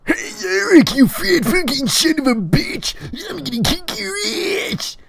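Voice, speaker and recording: A man voicing a belligerent teenage boy who screeches threats in a strained high voice. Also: expressive, slow pace, crowd noise, full character voice. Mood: furious.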